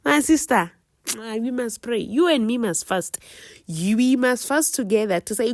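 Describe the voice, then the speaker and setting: A woman's voice: on the high side, expressive, moderate pace, no echo, clean studio sound. A woman with a South African accent chatting casually through a home cooking vlog, teasing viewers with playful life advice. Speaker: cooking vlogger.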